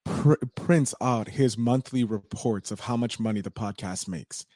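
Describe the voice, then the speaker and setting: Energetic man hosting a podcast. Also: mid-range voice, unhurried, no echo, studio quality. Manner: energetic, agreeable, stumbles and restarts. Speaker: podcast host. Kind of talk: casual podcast interview.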